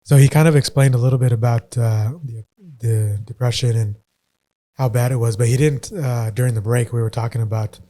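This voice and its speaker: A man's voice: mid-range voice, steady tone, a little fast, dark tone. A man hosting a podcast, asking probing, thoughtful questions. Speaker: podcast host. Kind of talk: casual interview.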